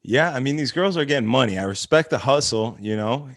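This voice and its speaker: Blunt, profane podcast host in a dry room. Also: male voice, mid-range voice, animated, fairly quick, dry recording. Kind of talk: casual podcast chat.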